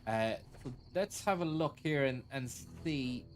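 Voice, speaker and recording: A man's voice: medium pitch, animated, a little slow. A man hosting a casual gaming stream, joking, swearing and thanking viewers for tips. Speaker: streamer host.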